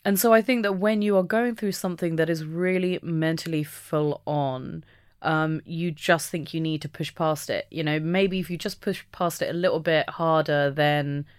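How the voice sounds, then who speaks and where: A woman speaking as an interview guest, talking openly and reflectively, with the odd soft laugh. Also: low voice, steady tone, moderate pace, clear, resonant tone, no echo, clean studio sound. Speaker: podcast guest. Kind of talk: candid conversational interview.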